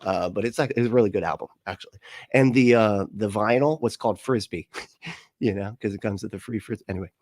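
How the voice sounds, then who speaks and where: A man's voice: fairly low pitch, brisk, darkish tone, no echo, clean studio sound. Laughing, rambling male reaction host. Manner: laughing, rambling, mocking asides. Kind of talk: casual reaction commentary.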